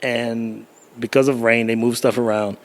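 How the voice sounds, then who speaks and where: Gravelly man, animated storyteller. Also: medium pitch, normal speed. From Bahamas. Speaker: photographer. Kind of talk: casual podcast chat.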